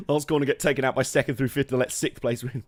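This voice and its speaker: A let's play streamer gives jokey, sweary live commentary over a racing game, laughing often, with the game's music and engine noise behind him. His mid-range voice is fairly even in intonation, a little fast, with no echo.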